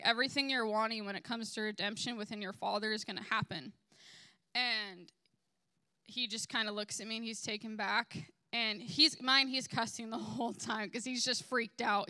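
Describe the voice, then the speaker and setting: A young woman telling a personal faith testimony, animated and acting out dialogue as she recounts conversations. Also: fairly high pitch, dry recording. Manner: animated, quotes dialogue with "I was like". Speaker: testimony speaker.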